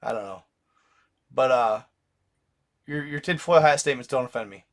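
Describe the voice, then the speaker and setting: A man's voice: medium pitch, normal speed. A young man hosting his channel, rambling casually in profane slang full of restarts. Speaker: channel host.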